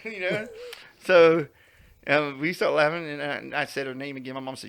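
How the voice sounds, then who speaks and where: A man's voice: a little high, fairly quick, gravelly, a bit bright. A man telling a story on a casual podcast, acting out quotes and laughing often. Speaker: podcast co-host.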